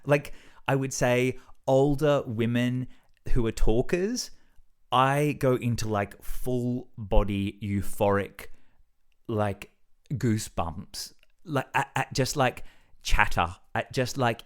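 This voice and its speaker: A man's voice: medium pitch, measured pace. A young man talking through a casual, reflective vlog monologue, rambling and self-deprecating with plenty of fillers and restarts. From Australia. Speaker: vlogger.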